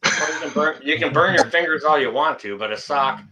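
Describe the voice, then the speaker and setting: A man's voice: on the high side, a little fast, sharp tone, poor audio. A man in casual livestream chat, teasing and assertive with the others. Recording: faint background noise.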